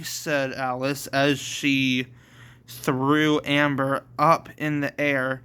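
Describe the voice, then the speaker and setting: A man's voice: mid-range voice, completely flat delivery, very slow, sharp tone, clean tone. A man reading his own homemade story aloud, plainly and with self-corrections.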